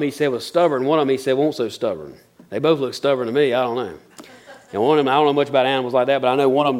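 A man's voice: mid-range voice, a little mellow. A middle-aged man preaching a sermon, mixing folksy storytelling with earnest, building emphasis. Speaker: pastor.

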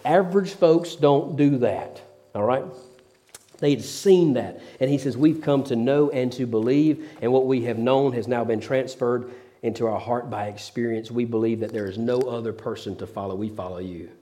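A man's voice: mid-range voice, moderate pace, warm tone. A man preaching a sermon in a church, talking to the congregation in a conversational, storytelling way. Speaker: pastor.

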